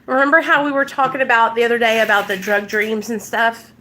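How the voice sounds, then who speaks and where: A woman's voice: fairly high pitch, fairly even intonation, fairly quick, sharp tone, a little hiss or hum. A woman from Arkansas with a Southern accent, talking earnestly and emotionally to her viewers about recovery from addiction, from inside a car. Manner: earnest, emotional, sometimes near tears. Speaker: recovery vlogger. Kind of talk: heartfelt casual talk to viewers.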